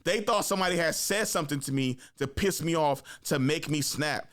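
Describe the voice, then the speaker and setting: A young man hosting a podcast, telling a story in a casual, animated way, full of slang and swearing, acting out what people said. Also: on the high side, brisk. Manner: animated, acts out quotes, swears freely, slangy. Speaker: podcast host.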